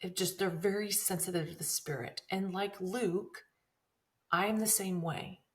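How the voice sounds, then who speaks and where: A woman's voice: medium pitch, fairly even intonation, unhurried. A woman in her thirties hosting a podcast, telling a personal story in an emotional, earnest way that rambles with many restarts. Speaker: podcast host.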